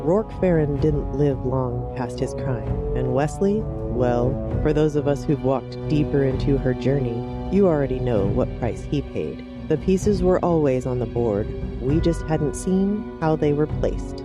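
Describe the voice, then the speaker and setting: Woman playing a shadowy secret-keeper, low-pitched and slow, scripted dramatic recap over music. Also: lively intonation. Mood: ominous. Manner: slow, hushed, dramatic delivery. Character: shadowy female assassin's secret-keeper narrator.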